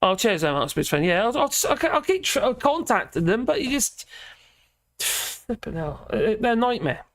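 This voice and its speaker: Man, livestream host, high bouncy voice, chatty and opinionated, dry close sound. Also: very animated, normal speed, a bit bright, dry recording. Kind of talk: casual livestream chat reading viewer comments.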